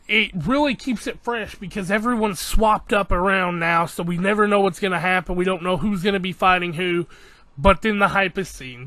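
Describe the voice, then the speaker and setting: Excitable male anime reviewer, high bright voice, dry close sound, swears and re-enacts scenes. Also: no echo. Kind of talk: casual episode recap.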